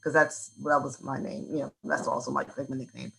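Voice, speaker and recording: A woman's voice: a bass voice, a little fast, vocal fry, rough recording. A woman from Virginia, a nonprofit leader, telling a personal story as an interview guest and acting out the voices in it. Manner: animated, acts out quotes from her childhood.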